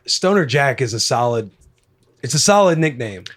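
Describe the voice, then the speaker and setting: A man's voice: medium pitch, very animated, fairly bright tone. Joking male podcast co-host. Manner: joking, quick to laugh. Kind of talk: casual podcast banter.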